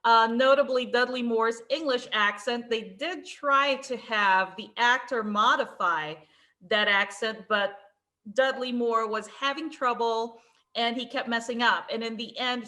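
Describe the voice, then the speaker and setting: Woman co-host, bright voice, slightly high, laughs a lot, trivia-minded. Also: a little slow. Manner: laughs often, adds trivia. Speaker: podcast co-host. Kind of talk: casual film chat.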